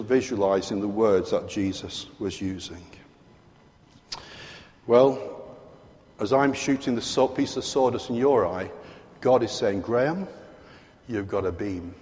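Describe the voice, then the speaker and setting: A fairly low, darkish male voice with a British accent carries this sermon, lively in intonation but a little slow, broken by long pauses. He's emphatic, poses rhetorical questions to the congregation, and the large church hall adds a long reverb.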